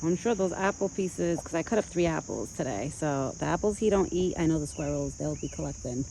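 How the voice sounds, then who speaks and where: A gentle vlogger, recorded outdoors in a rural yard with crickets chirping and a faint hiss behind the voice. The delivery slides between lifted, sing-song baby talk aimed at an animal and easy, unhurried commentary for the viewer. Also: mid-range voice, vocal fry. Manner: relaxed, chatty asides to the viewer. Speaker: vlogger feeding a wild deer. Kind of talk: casual vlog narration mixed with talk to an animal. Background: crickets and faint outdoor ambience.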